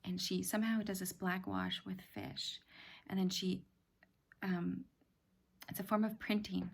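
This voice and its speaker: A middle-aged woman hosting a reflective self-help talk, speaking softly and often in a half-whisper, gentle and halting. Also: medium pitch, flat delivery, creaky. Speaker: self-help practice host. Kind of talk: soft-spoken personal reflection.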